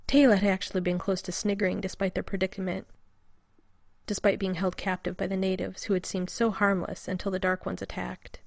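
A woman narrates a story in a steady, measured way. Her voice has a gravelly fry, and the sound is dry and close with no room echo. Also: lowish voice. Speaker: reader. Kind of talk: audiobook narration.

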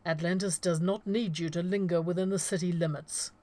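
A woman's voice: lowish voice, steady tone, brisk, dark tone, lightly acted. A woman reading the lines of an arrogant male gunman sheriff with clipped, formal speech. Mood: haughty.

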